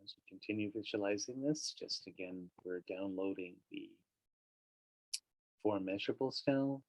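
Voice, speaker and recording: A man leading a guided meditation and teaching, speaking in a relaxed, conversational way with casual fillers. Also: lowish voice, moderate pace, no echo, muffled recording.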